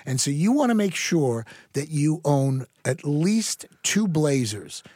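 A man's voice: fairly high pitch, big pitch swings, slow pace, darkish tone, slightly rough, no echo. A middle-aged man co-hosting a casual chat, teasing and wisecracking, then explaining with expert confidence. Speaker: co-host.

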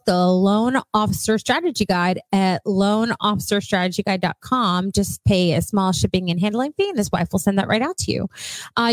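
A woman reading sponsor plugs on a casual podcast, loose and joking. Her voice sits a little high for a woman. The recording is dry and close. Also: dry recording. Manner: playful, laughs easily, joking asides. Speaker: podcast co-host.

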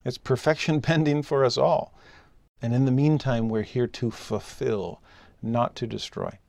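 Man, scripture lesson, emphatic teacher, soft asides and raised exclamations, dry close sound. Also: mid-range voice, fairly even intonation, a little slow, vocal fry, dry recording.

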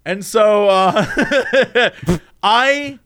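A man in casual chat, telling an anecdote in an animated way with quick asides and chuckles. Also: high voice.

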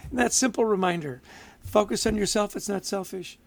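A man co-hosting a podcast in casual chat, upbeat and quick to laugh. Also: high-pitched, gravelly. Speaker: podcast co-host.

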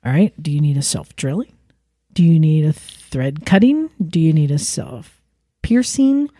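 A woman's voice: low voice, lively intonation, unhurried, mellow, no echo, studio quality. Woman co-host explaining and correcting. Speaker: podcast co-host. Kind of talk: casual chat.

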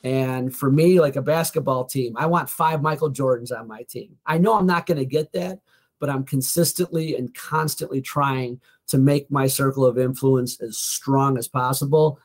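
A man's voice: mid-range voice, fairly even intonation, moderate pace. A man, a guest author and motivational speaker, frankly and earnestly telling a personal story in a podcast interview, now and then with a swear word.

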